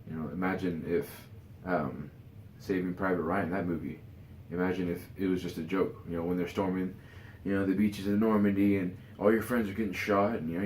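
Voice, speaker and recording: This man's voice sits low and slightly mellow as he wearily offers offhand views on his vlog, stumbling over restarts and leaning on "you know." Some background noise mixes with the echo of the room.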